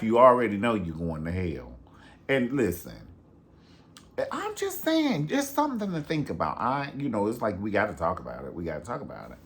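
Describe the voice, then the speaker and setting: Brief: low-voiced man, sassy and profane, swooping between pitches as he dishes gossip. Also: slight background noise. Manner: sassy, gossipy, profane, says "honey" a lot. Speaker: reality TV reviewer. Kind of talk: casual chat.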